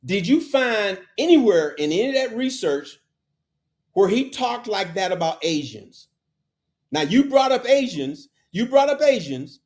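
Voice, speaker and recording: A man hosting a podcast, arguing forcefully and insistently, repeating phrases to hold the floor. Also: high-pitched, very animated, measured pace. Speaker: podcast host. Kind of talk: heated debate.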